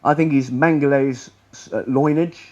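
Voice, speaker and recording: A man's voice: mid-range voice, fairly even intonation, normal speed, a little mellow, muffled recording. A man giving a rambling, sarcastic presentation to an audience in a lecture room, often restarting his sentences. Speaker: public speaker.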